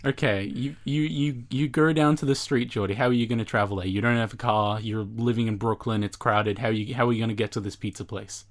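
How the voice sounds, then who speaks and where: A man's voice: medium pitch, fairly even intonation, quick pace, hardly any pauses. A man co-hosting a casual comedy podcast, playfully running a made-up role-play scenario and pushing his friend along. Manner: playful, insistent, breaks into laughter.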